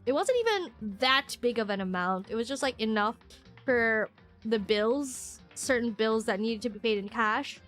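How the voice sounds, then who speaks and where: A woman's voice: on the high side, normal speed, a bit bright, faint music behind. A woman streamer in casual live-stream chat, rambling and chatty with lots of fillers and frequent laughs.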